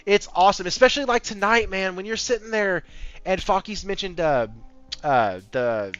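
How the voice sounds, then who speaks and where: Amped-up, bright-voiced podcast host man. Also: high-pitched, animated, moderate pace, dry recording. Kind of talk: casual gaming podcast chat. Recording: slightly muffled audio with faint background music.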